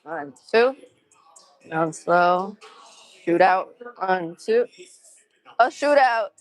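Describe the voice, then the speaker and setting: With long pauses and an extremely slow delivery, a young Massachusetts woman livestreams her workout from an indoor gym, counting reps aloud and chatting casually with viewers in her Massachusetts accent. Her fairly low voice is expressive. The audio is poor, though without echo.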